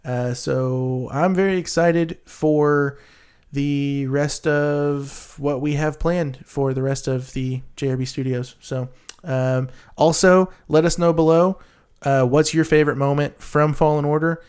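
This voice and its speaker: A man hosting a casual podcast, talking in a relaxed way with many fillers. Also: a little high, a little slow, clear, resonant tone. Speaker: podcast host. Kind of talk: casual chat.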